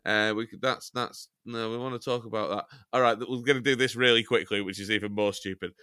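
A man's voice: lowish voice, steady tone, brisk, bright, forceful tone, clean tone, no room sound, studio quality. A man from Chester, a podcast co-host, rambling through casual jokey banter and swearing now and then. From Chester, England.

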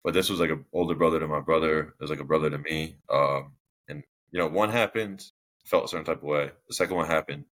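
A man's voice: extremely low pitch, steady tone, fast talker, a bit bright. A young man telling his own story as a podcast guest, candid and rambling, with many restarts and fillers.

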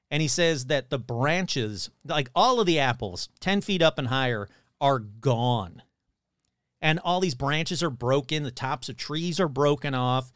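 Animated man retelling a story. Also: a little high, no room sound, clean studio sound. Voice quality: swears casually. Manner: animated retelling, acts out quoted voices. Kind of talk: casual storytelling.

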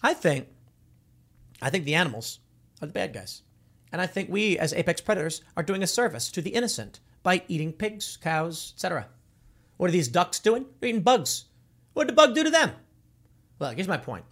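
A man's voice: a little high, sing-song, a little fast, fairly bright tone, breathy edge. A man talking casually and jokingly, giving his opinions and acting out quoted voices.

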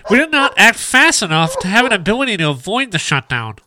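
A man's voice: high-pitched, big pitch swings, fast, noisy background, pitched above the performer's own voice. A man putting on a nerdy, nasal voice of a tech billionaire, reading quotes stiffly, in a podcast. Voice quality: nasal, nostrils covered.

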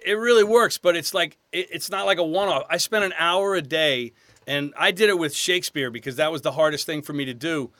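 A man's voice: a little high, fairly quick, sharp tone, dry recording, clean studio sound. A man from New York, guest actor on a casual podcast interview, telling chatty, self-deprecating stories.

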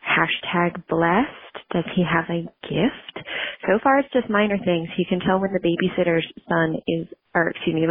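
Woman caller, husky, low-ish, phone-line audio. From Virginia, US. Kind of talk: voicemail message.

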